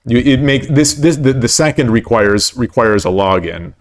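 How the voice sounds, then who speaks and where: A man's voice: mid-range voice, lively intonation, normal speed. A man streaming himself playing shogi online at home, rambling and stammering with lots of repeated words and joking at his own losing streak. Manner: self-deprecating about his losses. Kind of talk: live-stream commentary while playing.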